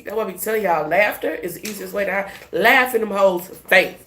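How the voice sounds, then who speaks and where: A woman's voice: medium pitch, moderate pace, hardly any pauses. A woman tarot reader in casual spiritual talk, swearing, laughing and emphatic. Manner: profane, animated, laughing, emphatic. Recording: echoey room with faint hiss.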